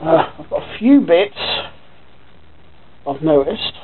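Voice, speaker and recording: A chatty man with a broad Norfolk accent, talking at home by his computer in a rambling, offhand way and swearing casually as he goes. His voice sits a little high for a man. The sound is thin and tinny, with a faint hiss behind it. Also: lively intonation, slow. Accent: Norfolk English. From Norfolk, England. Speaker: vlogger. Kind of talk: casual vlog chat.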